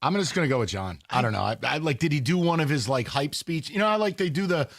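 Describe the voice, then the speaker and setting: Wisecracking high-voiced radio man. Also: animated, fast, a bit bright. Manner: playful, wisecracking, runs the segment. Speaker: sports radio host. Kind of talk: casual sports radio banter.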